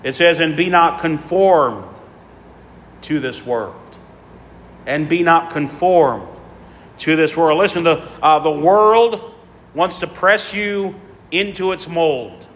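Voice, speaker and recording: A man's voice: a little high, slow pace, pauses often, a bit bright. A male pastor preaching a sermon with a repetitive, rhythmic cadence and frequent fillers. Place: church sanctuary. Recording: long reverb in a large hall.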